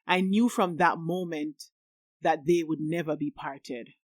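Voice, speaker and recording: A woman narrates a novel in the first person with a steady, even delivery. Her voice sits on the low side. The recording is close and dry, with no room sound. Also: a little slow, no room sound. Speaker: audiobook narrator.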